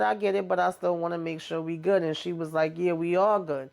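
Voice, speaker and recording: A woman's voice: on the low side, steady tone, a little fast, creaky, a little mellow. A woman hosting a casual TV episode recap, chatty, swearing mildly and talking straight to her viewers. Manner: chatty retelling with frequent mild cursing; addresses viewers directly. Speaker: TV recap host.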